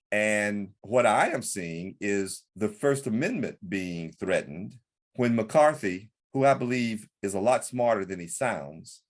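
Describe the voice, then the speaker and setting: A man co-hosting a podcast, talking politics in an earnest, emphatic way with frequent restarts. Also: lowish voice. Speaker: podcast co-host. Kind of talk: political discussion.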